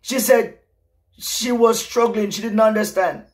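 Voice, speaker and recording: A man's voice: high-pitched, steady tone, a little slow. A middle-aged man preaching an emotional prophetic sermon, rising to fervent exclamations.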